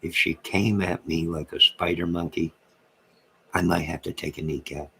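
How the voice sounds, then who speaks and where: A man's voice: deep voice, steady tone, normal speed, creaky, bright, forceful tone, slightly rough. A man hosting a late-night livestream from home, bantering and joking in a rambling way as he answers his viewers' comments. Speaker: livestream host reading chat.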